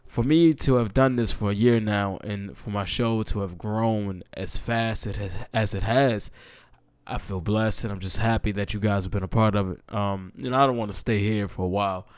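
Young guy hosting a football podcast, hyped and rambly, lots of ums, smooth voice. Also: on the low side, moderate pace, no room sound, clean studio sound. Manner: excitable, loose and chatty, many fillers and restarts. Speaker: podcast host. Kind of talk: casual football podcast talk.

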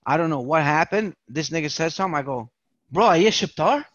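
With a voice on the high side and a fairly quick delivery, a male podcast guest recounts a long, swearing-filled story while chatting casually. He animatedly imitates the people he quotes. The audio is lo-fi with no room sound.

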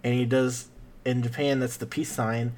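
Brief: male podcast host, mid-pitched, loose rambling recap full of fillers. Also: level tone, normal speed, darkish tone. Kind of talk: casual recap chat.

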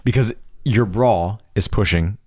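A man's voice: lowish voice, a little slow, a little mellow, dry recording. Laid-back teasing man, dry close sound. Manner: easygoing, teasing, laughs often. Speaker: podcast co-host. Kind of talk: casual chat.

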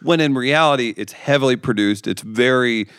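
Chatty, enthusiastic podcast host. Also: male voice, medium pitch, normal speed, a bit bright, clean tone, dry recording, clean studio sound. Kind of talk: casual podcast conversation.

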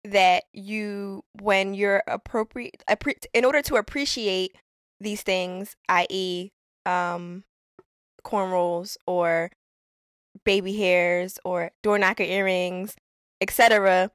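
A woman's voice: medium pitch, takes it slowly, no room sound. Chatty woman in a dry room. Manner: animated, laughing, slangy storytelling. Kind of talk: casual conversation.

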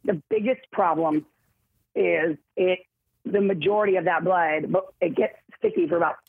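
A woman actress in a casual interview, telling stories in a rambling, self-interrupting, animated way with a husky voice. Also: fairly low pitch, moderate pace, dry recording. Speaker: actress guest. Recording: tinny phone-like line, dry.

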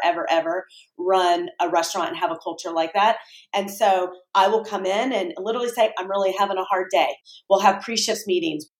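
Candid woman in an echoey room. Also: medium pitch. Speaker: restaurant owner. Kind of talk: candid interview answers.

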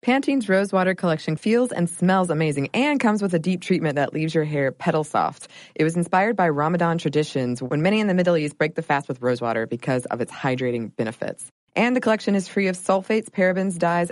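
A woman's voice: on the low side, animated, a little fast, hardly any pauses, no room sound. A woman reading a scripted ad in a friendly, upbeat, chatty way. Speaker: ad presenter. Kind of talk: scripted ad read as chat.

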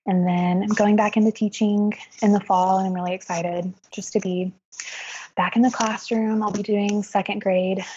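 A woman's voice: mid-range voice, flat delivery, moderate pace, a little mellow, dull audio, a little hiss or hum. A young woman from Texas, a teacher, chatting as a podcast guest with lots of fillers and laughter. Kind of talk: casual conversation.

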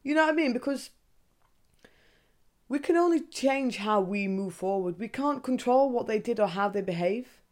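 A woman's voice: a little high, lively intonation, moderate pace. A young woman hosting a podcast, talking in a candid, confessional way and swearing freely. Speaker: podcast host. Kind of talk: casual confessional monologue.

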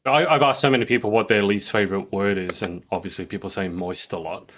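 A man's voice: lowish voice, steady tone, fast, fairly bright tone, lo-fi sound, a little hiss or hum. A man co-hosting a podcast, chatting casually and jokily, rambling with restarts. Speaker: podcast co-host. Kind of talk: casual chat.

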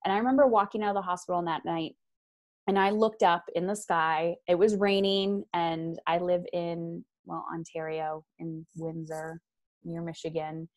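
A woman with a somewhat low speaking voice tells her own story as an interview guest. She talks frankly and with energy, with quick asides, and slips into other people's voices when she quotes them. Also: steady tone. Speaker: guest, author. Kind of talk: candid personal storytelling in conversation. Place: lives in Ontario, Canada.

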